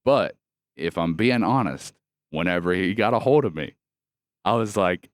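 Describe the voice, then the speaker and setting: A man's voice: deep voice, animated, moderate pace, clean tone, no room sound, clean studio sound. A man, co-hosting a podcast in casual chat and telling stories full of swearing and laughter. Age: 30s. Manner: profane, laughing storyteller. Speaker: podcast co-host.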